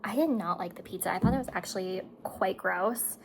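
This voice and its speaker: A woman's voice: medium pitch, fairly quick, gravelly, slight background noise, poor audio. A woman in her thirties chatting casually to her viewers while doing her makeup, talkative and emotional, tearing up at times. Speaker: beauty vlogger and mother.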